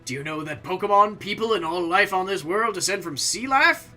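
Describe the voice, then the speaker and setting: A man voicing a gruff, rough-talking male villain boss with a put-on accent, during a live game playthrough. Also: high-pitched, expressive, fairly quick, sharp tone, faint music behind, pitched above the performer's own voice, full character voice. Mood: swaggering.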